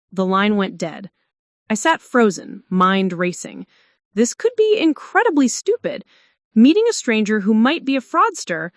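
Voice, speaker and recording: A woman's voice: no room sound, studio quality. Dramatic woman narrating a tense story. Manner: tense, dramatic, swinging pitch. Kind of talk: first-person story narration.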